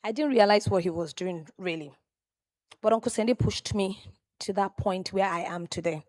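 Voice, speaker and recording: A woman with a Nigerian accent delivers a personal tribute as a lively storyteller. Her voice sits at a middle pitch, and she drops exclamations and asides to the crowd. The sound is dry, with little room echo. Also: normal speed. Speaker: tribute speaker at a memorial event.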